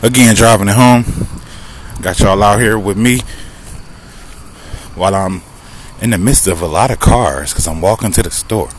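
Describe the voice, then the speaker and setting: A man's voice: on the low side, normal speed, long pauses, poor audio. Southern guy podcasting on his phone while walking by traffic, emphatic, keeps hitting rhetorical questions, faint car noise behind. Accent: Southern American. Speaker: podcast host. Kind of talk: casual opinion podcast monologue. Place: outdoors walking near traffic. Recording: light street noise, cars passing.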